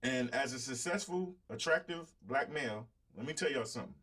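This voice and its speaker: A man's voice: medium pitch, expressive, brisk, fairly bright tone, slightly rough. A man, hosting his own show and lecturing viewers bluntly in casual live-stream talk. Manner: blunt, preachy, talks straight to viewers. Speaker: show host.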